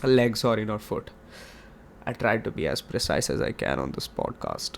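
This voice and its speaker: Indian guy in his 20s hosting a podcast, gravelly voice, talks hyped and rambly, cracks jokes. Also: fairly low pitch, wildly swooping pitch, normal speed, a little hiss or hum. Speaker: podcast host. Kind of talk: casual solo podcast chat.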